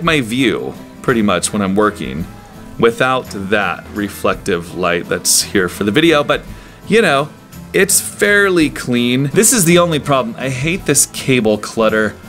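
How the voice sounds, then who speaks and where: A man with a mid-range, fairly bright voice vlogs casually from his home office in a house in the woods, using a desk microphone. Chatty and rambling, he interrupts himself while showing things off.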